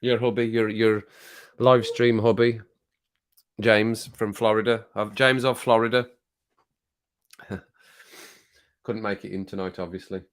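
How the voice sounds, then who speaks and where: A man's voice: on the low side, fairly even intonation, a little slow, long pauses. A man hosting a casual livestream, reading out viewer comments in a rambling, jokey way and getting worked up now and then. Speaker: livestream host.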